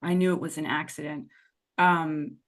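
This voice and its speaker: A woman's voice: sits low, moderate pace. A woman guest on a podcast telling a personal story candidly and expressively, wandering off into side remarks as she goes. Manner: expressive, digressive storyteller who acts out her past self. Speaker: podcast guest, money mindset and tapping coach.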